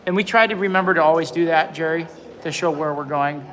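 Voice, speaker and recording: A man in his forties hosts a casual livestream and answers his chat. His voice sits high for a man and sounds bright and forward. He rambles, repeating words and restarting sentences as he goes. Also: fast, a little hiss or hum, low-quality recording. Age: 40s. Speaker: livestream host. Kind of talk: casual live chat reading comments.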